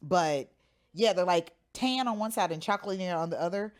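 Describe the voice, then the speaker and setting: A woman's voice: on the low side, normal speed. A woman with a St. Louis accent co-hosting a podcast, chatting casually and telling stories with emphasis. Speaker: podcast co-host. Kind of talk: casual chat.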